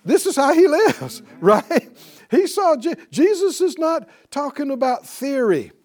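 A man delivers a Bible lesson in a preaching style, his high voice swinging widely in pitch as he stresses key words. He keeps turning to his listeners for a response. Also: very animated, measured pace, a little mellow. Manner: calls out to the audience for responses; emphatic, rising on key words. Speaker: Bible teacher.

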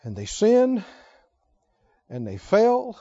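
A man's voice: high-pitched, wildly swooping pitch, slow, warm tone, lo-fi sound. A male pastor preaching emphatically, often putting questions to his congregation. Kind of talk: sermon.

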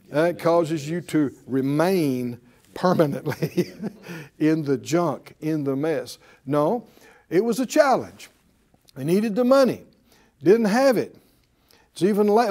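In a call-and-response sermon, a man who preaches and teaches the Bible leads the congregation in spoken affirmations, driving points home with emphasis and repetition. His voice is fairly high-pitched yet dark in tone.

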